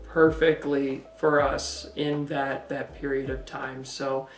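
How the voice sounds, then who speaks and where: A man speaking slowly at a medium pitch, some distance from the mic, tells a story in a roomy space at home. He's a co-host and husband giving casual podcast-style testimony, relaxed and full of "you know" fillers.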